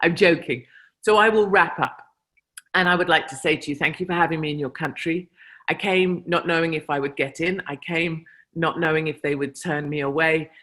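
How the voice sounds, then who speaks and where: A woman's voice: sits low, fairly even intonation, moderate pace, fairly bright tone. British woman, convention speaker, emphatic storytelling style to a live crowd. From Britain. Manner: chatty anecdotal storytelling, emphatic. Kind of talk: speech to a live audience.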